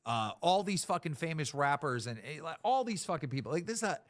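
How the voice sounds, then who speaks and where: A man's voice: a little high, very animated, brisk. A man hosting a live stream, ranting in an exasperated, complaining way with plenty of swearing. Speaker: show host.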